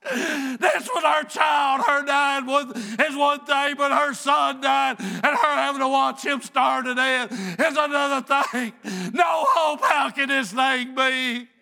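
Preacher guy, real high bright voice, gravelly, gets worked up and hollers. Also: slow. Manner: fervent preaching, voice breaking into shouts. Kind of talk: sermon.

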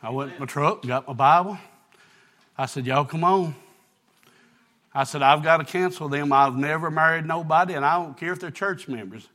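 A man, preaching a sermon, telling a folksy story that builds into shouted preaching. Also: fairly high pitch, moderate pace. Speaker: pastor.

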